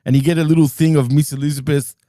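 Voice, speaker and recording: A man's voice: fairly high pitch, flat delivery, fast talker, warm tone, no echo, studio quality. A man co-hosting a podcast in casual chat, enthusiastic and nostalgic, laughing often. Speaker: podcast co-host.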